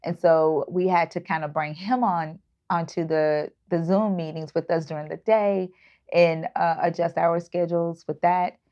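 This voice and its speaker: A woman's voice: on the low side, steady tone, normal speed. A woman, a startup founder speaking earnestly in an interview, with many fillers and restarts. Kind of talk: casual interview talk. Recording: dull lo-fi audio.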